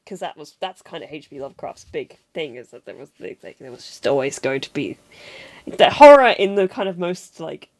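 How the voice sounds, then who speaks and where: A woman's voice: sits low, lively intonation, normal speed, a little mellow. A woman co-hosting a film review show, talking in an enthusiastic, rambling way with frequent laughs, and sounding like she has a cold. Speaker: podcast co-host. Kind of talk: casual film review chat.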